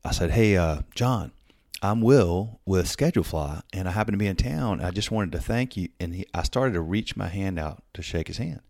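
A man's voice: sits low, fairly quick, gravelly, few pauses, darkish tone, no echo, clean studio sound. A man telling a work story casually, full of fillers and restarts, acting out the quoted dialogue. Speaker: podcast host telling a story.

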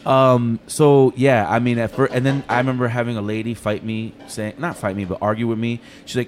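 Man, chef, rapid talker, profane, animated storyteller, faint background hum. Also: medium pitch. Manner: animated, profane, acts out quotes in his story. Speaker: chef and restaurant owner. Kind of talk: casual podcast storytelling.

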